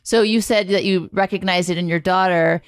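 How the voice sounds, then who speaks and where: A woman hosting an interview, telling a story from her past and asking relaxed follow-up questions. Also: lowish voice, moderate pace, clean tone. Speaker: podcast host. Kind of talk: conversational interview.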